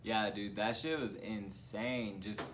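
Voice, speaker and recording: A young man co-hosting a casual comedy podcast, a loud, laughing storyteller who acts out quotes in raised voices. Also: lowish voice, fairly even intonation, takes it slowly, slight background noise. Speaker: podcast co-host.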